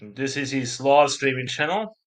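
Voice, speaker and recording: A man's voice: medium pitch, normal speed, a bit bright. A man with an Australian accent, hosting a casual livestream and chatting with his viewers in a rambling way. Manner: rambling, chatty, laughs at chat. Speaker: livestream host.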